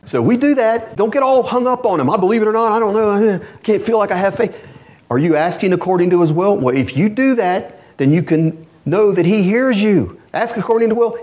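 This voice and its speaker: A man's voice: sits high, darkish tone. A man preaching an earnest sermon in church. His voice sits a little above the usual for a man, and he leans on rhetorical questions as he reads out scripture. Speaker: pastor.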